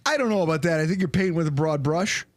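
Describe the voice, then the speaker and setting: A man hosting a casual sports podcast, his voice sitting a touch high and jumping around a lot as he tells animated stories. The sound is dry and close, with no room in it. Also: fast talker, no room sound. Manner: animated storyteller, swings pitch for emphasis and quotes. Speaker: podcast host.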